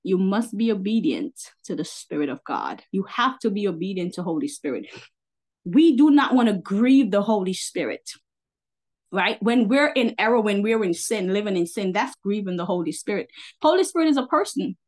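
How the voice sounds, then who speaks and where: A woman's voice: medium pitch, lively intonation, moderate pace, a little mellow. A woman preacher delivering an informal livestream sermon, emphatic and fiery, repeating key lines and checking in with her listeners for agreement. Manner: fiery and indignant, with bursts of laughter.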